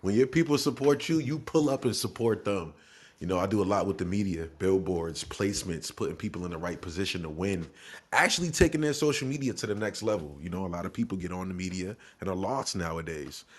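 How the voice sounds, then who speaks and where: A man with a very deep, husky voice, hyping up a live stream audience. He is loud and slangy. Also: expressive, a little fast. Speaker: guest co-host.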